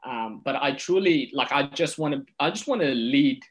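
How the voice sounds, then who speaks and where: A man's voice: medium pitch, moderate pace. A man who is a comedian, telling a personal story as a podcast guest, acting out what others said. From Ethiopia. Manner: animated storyteller, acts out quotes.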